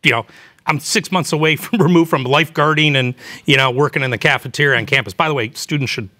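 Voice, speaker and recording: Bright-voiced, animated man telling stories. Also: a little high, fast talker. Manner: animated, candid storytelling with many fillers. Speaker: chief marketing officer, guest. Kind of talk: casual interview talk.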